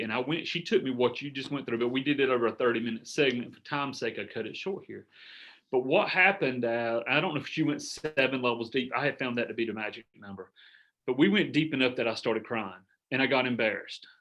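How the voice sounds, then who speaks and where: A middle-aged man coaching a group over a video call, earnest and animated, acting out sample sales conversations. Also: medium pitch, muffled recording. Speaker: business coach. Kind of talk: coaching workshop talk.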